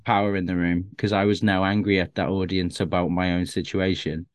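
A man's voice: deep voice, little pitch movement, a little fast, clear, resonant tone, no echo. A man, a stand-up comedian, chatting as a guest and telling self-deprecating stories with lots of restarts. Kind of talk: casual conversational anecdotes.

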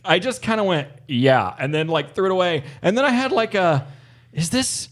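A man with a somewhat high voice chatting among friends. He is wry and self-mocking, and he trips over his own sentences as he tells a story. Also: lively intonation, fairly bright tone. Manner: self-deprecating, halting restarts. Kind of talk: casual chat, storytelling.

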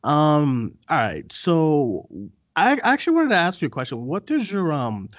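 A man's voice: on the high side, huge pitch swings, moderate pace, no echo, lo-fi sound. A young adult man hosting a casual podcast interview, rambling with many fillers and restarts. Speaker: podcast host.

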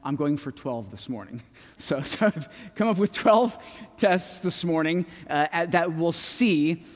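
Slow, emphatic male preacher in a reverberant hall. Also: fairly high pitch, animated. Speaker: pastor. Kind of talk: sermon.

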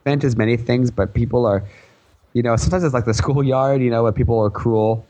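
A man's voice: medium pitch, fairly quick, mellow, highs cut off. A man co-hosting a gaming podcast in casual chat, rambling and giggly with lots of fillers, his voice a bit worn. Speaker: podcast co-host.

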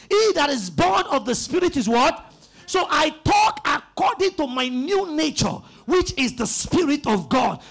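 High-voiced, gravelly preaching man. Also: fairly bright tone. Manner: emphatic, call-and-response preaching. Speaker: pastor. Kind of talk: sermon.

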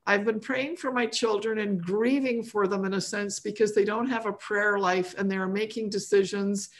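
A woman's voice: medium pitch, steady tone, moderate pace. A middle-aged woman hosting a podcast, friendly and chatty in casual conversation. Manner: friendly, reads listener questions aloud. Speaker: podcast host.

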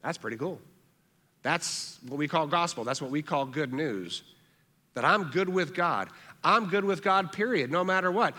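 Earnest preacher in a reverberant hall. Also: male voice, on the high side, normal speed. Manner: earnest preaching, repeats phrases for emphasis, drops soft on key words. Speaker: pastor. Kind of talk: sermon.

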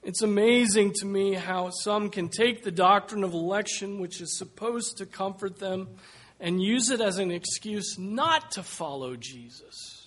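Slow, bright-voiced male preacher. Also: sits high. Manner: slow and emphatic, swinging from hushed to loud. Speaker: pastor. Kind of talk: sermon.

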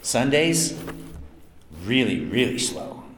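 Speaking slowly in a mid-range voice, this man is a voice actor fielding fan questions on a convention panel. His answers become long, self-mocking stories, told in a chatty way with acted-out quotes. Some noise and echo from the hall come through.

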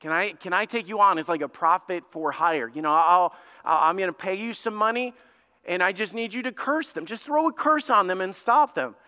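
Worried, pushy king, as a preacher puts him on; high, clear male voice in a reverberant hall. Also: moderate pace, sharp tone.

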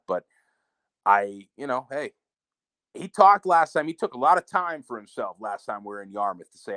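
A man's voice: on the low side, expressive, normal speed, a bit bright, no echo. A man co-hosting a wrestling preview show, talking candidly and with heat, sometimes swearing. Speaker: wrestling promotion co-host. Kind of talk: casual podcast chat.

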